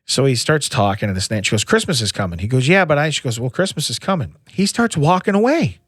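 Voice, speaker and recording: A man's voice: mid-range voice, sing-song, quick pace, fairly bright tone, slightly rough, dry recording, clean studio sound. A middle-aged man co-hosting a podcast, telling a long family story in casual chat with many restarts and "you know"s. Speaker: podcast co-host.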